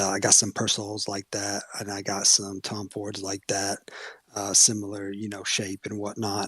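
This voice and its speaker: A man's voice: medium pitch, vocal fry, breathy edge, no room sound. A man chatting casually and enthusiastically, with lots of fillers and swearing. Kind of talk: casual chat.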